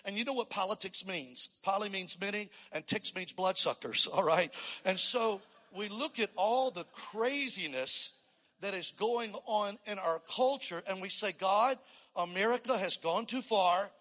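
High-voiced preacher in a reverberant hall. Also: male voice, a little slow. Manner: energetic, calls for congregational response. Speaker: pastor. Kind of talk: sermon. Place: church sanctuary. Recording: long reverb in a church hall.

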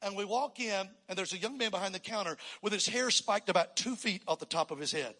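A pastor preaching a sermon to a church crowd, rising to loud emphatic calls and getting the crowd to respond. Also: male voice, high voice, fairly quick, in a large hall. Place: large church.

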